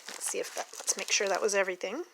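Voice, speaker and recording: A woman's voice: mid-range voice, fairly even intonation, very fast, gravelly, background noise. A woman from Oklahoma with an Oklahoma accent, chatting and gushing through a casual unboxing vlog at a table at home. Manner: chatty, gushing, talks to her dog. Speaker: doll collector vlogger.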